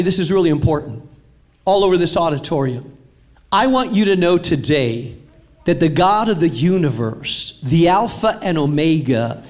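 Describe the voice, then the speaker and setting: Middle-aged male pastor, fairly high voice, sermon in a big auditorium, dramatic loud-soft swings. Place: large auditorium.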